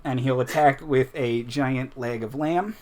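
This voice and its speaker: A man's voice: medium pitch, unhurried, darkish tone. A man running a tabletop game as game master, hesitant with many fillers.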